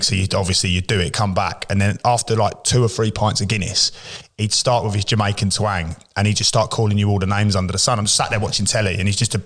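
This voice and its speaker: A middle-aged man, a former footballer, co-hosting a podcast and telling animated stories about old teammates. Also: fairly low pitch. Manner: fast, animated anecdotes with laughs and mimicry. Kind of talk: casual storytelling chat.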